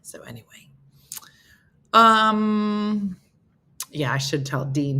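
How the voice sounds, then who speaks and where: A woman's voice: medium pitch, expressive, slow pace, pauses often, pushed and bright. A woman hosting a casual morning show from New Jersey, chatting in a rambling way and laughing often. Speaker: host.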